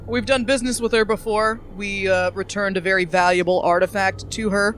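A woman playing a tabletop game, animated and quick to laugh. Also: mid-range voice, a little hiss or hum. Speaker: player.

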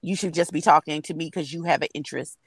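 Woman panelist in a car, candid, lively, dry sound. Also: deep voice, quick pace, slightly rough, dry recording. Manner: candid, animated storytelling. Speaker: review panel guest. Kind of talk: casual chat. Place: sitting in a car.

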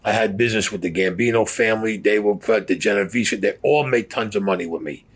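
Gruff swearing older man telling stories. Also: fairly low pitch, fast talker. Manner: blunt, swears constantly, acts out quotes. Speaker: interviewee. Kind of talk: profane storytelling.

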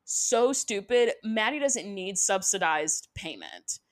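A young woman hosts a podcast, recapping an episode in a loose, chatty way. She drops sarcastic asides and fills her sentences with "like". Her voice sits at an ordinary middle pitch. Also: sing-song, slow pace. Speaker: podcast host.

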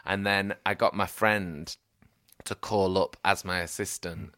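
A man's voice: deep voice, fairly even intonation, unhurried, sharp tone, clear, resonant tone, no room sound, studio quality. A man, chatting casually and telling self-deprecating stories as a host. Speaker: podcast host. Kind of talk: casual chat.

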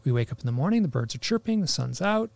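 A man telling a personal story in a casual, halting way, full of restarts, animating the voices he quotes. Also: a little high, vocal fry, dry recording. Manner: animated, acts out quoted lines.

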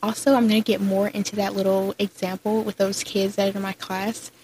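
A woman's voice: medium pitch, flat delivery, brisk, darkish tone, a little hiss or hum, low-quality recording. A young woman hosting her own podcast, chatting casually and upbeat, with lots of "like" and "so". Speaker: podcast host. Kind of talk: casual solo podcast chat.

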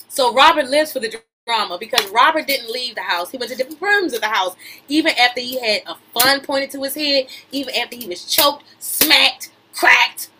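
A woman's voice: sits high, animated, moderate pace, bright, forceful tone, slight background noise, poor audio. A young adult woman hosting a podcast, reading celebrity news aloud and riffing on it animatedly, cutting in on herself with repeated "wait a minute"s and slang. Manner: reads news aloud then riffs with slang and laughter. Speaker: podcast host. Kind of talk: gossip commentary.

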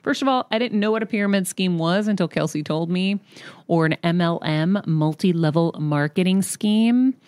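A woman in her forties hosting a podcast, chatting casually and telling stories in an animated way. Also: fairly low pitch, normal speed, clean tone, no room sound. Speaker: podcast host. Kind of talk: casual chat.

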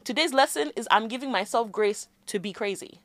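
A woman's voice: fairly high pitch, brisk, a bit bright, no room sound. A woman in her twenties co-hosting a podcast, talking candidly in a casual chat, turning sassy and fiery. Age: 20s. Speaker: podcast co-host.

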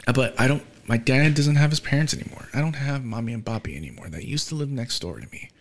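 A young man hosting a podcast, talking casually and quietly, with many fillers and pauses, subdued by grief. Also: mid-range voice, expressive. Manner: soft, halting, with frequent fillers and trailing off. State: grieving, subdued. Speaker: podcast host. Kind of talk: casual solo podcast talk.

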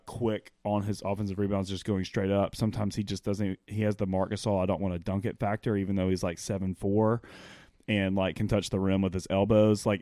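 Low-voiced excitable sports fan man. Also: no echo, clean studio sound. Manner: enthusiastic, laughs often, rambling asides. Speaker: podcast co-host. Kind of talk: casual sports chat.

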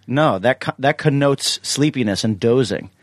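A man's voice: medium pitch, lively intonation, moderate pace, no room sound, studio quality. A man co-hosting a podcast, teasing the others playfully and stretching out his punchlines. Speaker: podcast co-host. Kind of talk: casual podcast chat.

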